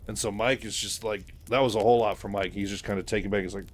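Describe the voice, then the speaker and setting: Low-voiced man casually recapping a novel. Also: steady tone, quick pace, hardly any pauses. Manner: rambling, many fillers, chuckles. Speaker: book recap narrator.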